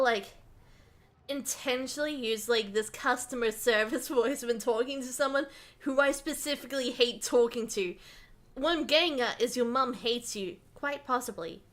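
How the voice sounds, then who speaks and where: Giggly high-voiced woman streamer. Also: a bit bright. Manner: playful, giggly, jokey asides. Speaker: VTuber streamer. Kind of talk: casual gameplay commentary.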